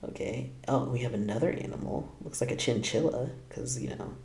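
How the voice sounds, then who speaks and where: A man's voice: medium pitch, fairly quick, creaky, a little mellow, reverberant. A man hosting a casual reaction video, laughing often and tossing out playful asides.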